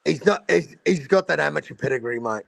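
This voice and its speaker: Aussie bloke on a boxing stream, gravelly, dry sound, swears a ton, blunt as. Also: male voice, a little high, expressive, a little fast, a bit bright, dry recording. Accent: Australian. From Australia. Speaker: boxing talk show host. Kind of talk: casual livestream banter. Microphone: video call.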